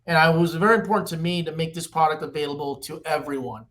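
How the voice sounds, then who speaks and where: A man in his fifties, a company executive, talking animatedly as a podcast guest. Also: quick pace. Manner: animated storyteller, pitchy. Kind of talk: podcast interview.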